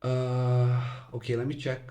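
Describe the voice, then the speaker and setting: A man narrating as game master in a tabletop game, unhurried and pausing with fillers. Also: medium pitch, monotone, mellow.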